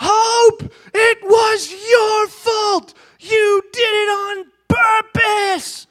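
A man voicing a sobbing eight-year-old girl who shouts through her tears. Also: very high-pitched, little pitch movement, extremely slow, pitched above the performer's own voice, full character voice. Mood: wailing.

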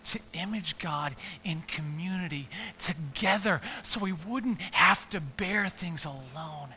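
Earnest guy preaching, high bright voice, big hall echo. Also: takes it slowly, a little hiss or hum. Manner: earnest, repeats words, builds to emphatic lists. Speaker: pastor. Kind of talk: sermon.

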